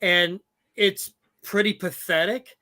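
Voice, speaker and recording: Eager fan host with a high, bright voice. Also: male voice, steady tone, slow. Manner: eager, enthusiastic fan talk. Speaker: podcast host. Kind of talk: casual chat.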